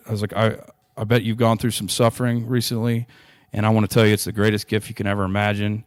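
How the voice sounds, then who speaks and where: A young adult man with a drawl recounts a personal story as a podcast guest. His voice sits somewhat low, and it is recorded close and dry. He talks in earnest bursts, often restarting his sentences. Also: steady tone, fast, no echo. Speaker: interview guest.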